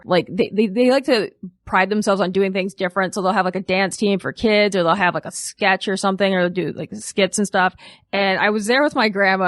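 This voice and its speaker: A young woman chatting on a podcast, telling lively stories and acting out the people in them. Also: mid-range voice, no room sound, clean studio sound. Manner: animated storyteller, acts out quotes. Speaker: podcast guest. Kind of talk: casual chat, storytelling.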